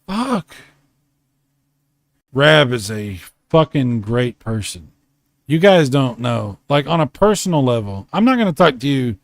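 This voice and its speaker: A man's voice: medium pitch, expressive, normal speed, creaky, no echo. A man hosting a casual late-night stream, drunk, rambling and swearing as he reads chat aloud from home. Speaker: streamer host. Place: home room.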